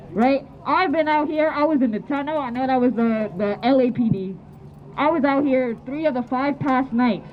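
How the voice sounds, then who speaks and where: A woman protester addressing a press conference outdoors in a parking lot, making forceful, repeated rallying appeals. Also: sits high, lo-fi sound, slight background noise. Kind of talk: impassioned public address.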